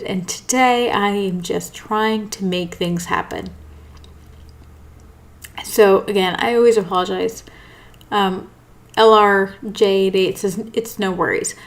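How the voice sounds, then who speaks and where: Tired yawning woman host. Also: medium pitch. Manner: apologetic, rambling. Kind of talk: casual live talk.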